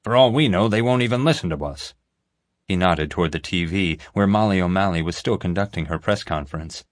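A male narrator voicing a measured, understated police chief in an audiobook. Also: deep voice, no room sound, natural voice. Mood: skeptical. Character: calm, dry-witted male police chief.

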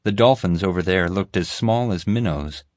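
Deep-voiced man reading a story. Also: normal speed, dry recording. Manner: steady storytelling. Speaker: audiobook narrator. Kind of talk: scripted narration.

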